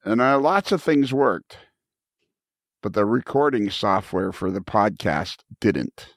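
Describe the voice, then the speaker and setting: Slow and expressive, this low-leaning male voice belongs to a podcast host rambling through a self-deprecating story. He chats casually from a recording studio, and there's no echo.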